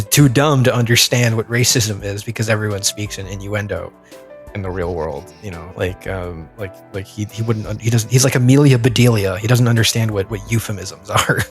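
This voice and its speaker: Low-ish guy podcast host, rambly, lots of likes and restarts. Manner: hesitant, many fillers and restarts. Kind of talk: casual chat.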